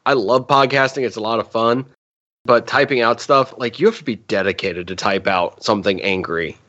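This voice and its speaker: A man's voice: lowish voice, moderate pace, pushed and bright, lo-fi sound. A man co-hosting a podcast in casual chat, rambling, laughing and stumbling over his words. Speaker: podcast co-host.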